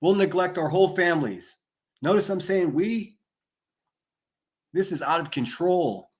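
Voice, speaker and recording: A man hosting a livestream, ranting angrily and profanely into a desk microphone, breaking into yelled bursts and sarcastic asides. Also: sits high, animated, a little slow. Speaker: livestream host. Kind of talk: angry livestream rant.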